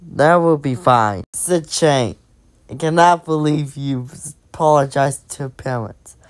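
A woman's voice: low voice, takes it slowly. A woman voicing a stern parent in a fan-made cartoon, speaking firmly as she ends a child's punishment.

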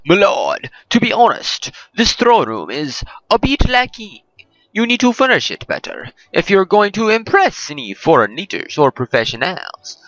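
A man voicing a fussy male royal advisor who gives formal advice in a raised, lively voice. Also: high voice, normal speed, no echo, voice pushed up, rough recording. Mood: advising.

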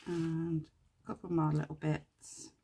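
A woman hosting a casual crafting tutorial, chatting and thinking aloud as she works, with quiet muttered asides to herself. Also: deep voice, flat delivery, a little slow, vocal fry, slightly rough. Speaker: craft channel host.

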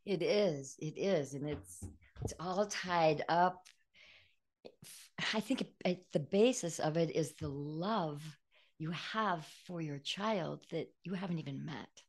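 A woman's voice: deep voice, slow. An older woman, a book author, earnestly telling an emotional personal story in a podcast interview. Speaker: guest author.

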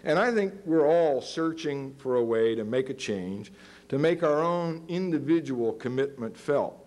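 A man's voice: medium pitch, a little slow. A man of about fifty giving a lecture in a university auditorium, telling stories animatedly and acting out the voices in them. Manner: animated, acts out quoted voices. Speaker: guest lecturer. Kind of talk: storytelling lecture.

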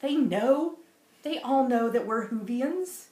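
A woman's voice: fairly high pitch, lively intonation, takes it slowly, mellow. Giggly woman chatting in echoey room. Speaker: podcast co-host, mother. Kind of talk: casual chat. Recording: roomy echo.

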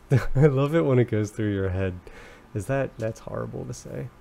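A young man casually commenting on a game he is playing, rambling and excitable, breaking into high squeals when startled. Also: normal speed, gravelly. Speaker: let's play commentator.

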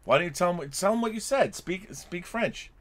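A man's voice: sits high, animated, moderate pace, background noise. A man co-hosting a casual chat over wine, who keeps pressing and teasing with the same question. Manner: teasing, insistent, repeats himself. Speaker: podcast co-host.

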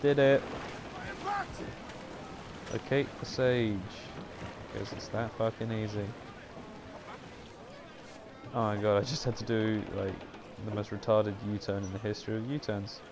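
A man's voice: fairly low pitch, fairly even intonation, normal speed, long pauses, noisy background. A young man sarcastically commenting on a game, swearing a lot. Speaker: gaming channel host. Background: game music.

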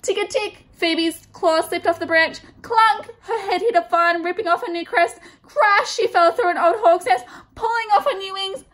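A woman student teacher reading a picture book aloud to children, expressive and stopping to ask them questions. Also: very high voice, normal speed, few pauses.

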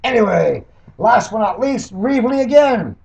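A man's voice: expressive, moderate pace, vocal fry. An older Canadian man and political candidate, delivering a sarcastic, combative monologue that reads out and rebuts his critics. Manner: combative, mocking, swinging between loud jabs and low mutters.

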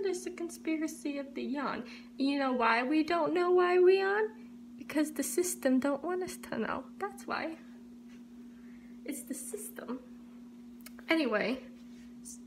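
A woman's voice: high-pitched, slight background noise. A woman vlogging a playful, rambling monologue in a mock-profound way. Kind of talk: comedic monologue to camera.

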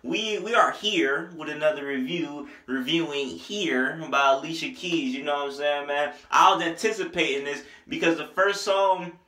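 A man's voice: fairly high pitch, moderate pace, few pauses, bright, forceful tone, echoey room. A young man reviewing an album in a loose, joking, slangy way, breaking into bits of song. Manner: loose, joking, slangy, sings snippets of songs. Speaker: music reviewer. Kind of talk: casual album review vlog.

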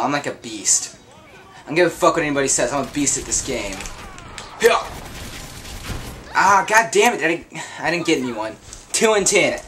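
A man's voice: on the high side, bright, forceful tone, a little hiss or hum. A young man giving casual let's play commentary, confused, swearing a lot, laughing and yelping whenever he gets hit. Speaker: gameplay commentator.

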